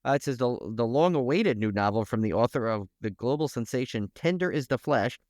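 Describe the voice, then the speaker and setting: Another horror podcast co-host speaks in a mid-range, somewhat mellow voice with lively intonation and a slightly quick delivery. The studio-quality audio has no room sound, and he rambles jokingly, leaning heavily on "like" and "uh."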